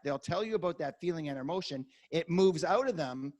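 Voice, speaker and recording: A man coaching a workshop, energetic and acting out client conversations as examples. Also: fairly high pitch, a little fast. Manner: energetic, acts out dialogue examples.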